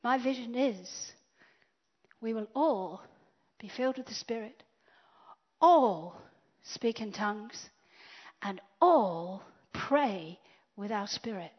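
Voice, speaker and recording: A woman preaching a sermon, swinging from loud declarations to hushed whispers. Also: fairly high pitch, animated, slow pace, slightly rough. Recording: dull lo-fi sound.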